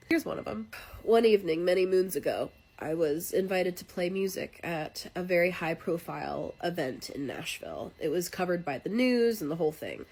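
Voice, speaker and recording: A woman's voice: on the low side, lively intonation, normal speed, a little mellow. Playful self-deprecating woman musician. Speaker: singer and musician. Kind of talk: comedic storytelling to camera.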